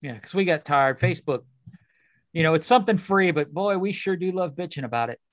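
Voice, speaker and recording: Laid-back guy cohosting a podcast, kinda high voice, dry sound. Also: a little fast, no room sound. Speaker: podcast co-host. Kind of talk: casual chat.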